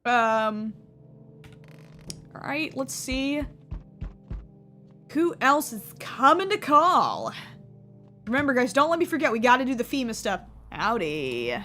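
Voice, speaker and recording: A woman's voice: sits high, big pitch swings, measured pace, pauses often, sharp tone, faint music behind. A young woman streaming a game, chatting casually, joking and correcting herself as she goes. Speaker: gaming streamer. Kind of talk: casual let's-play commentary.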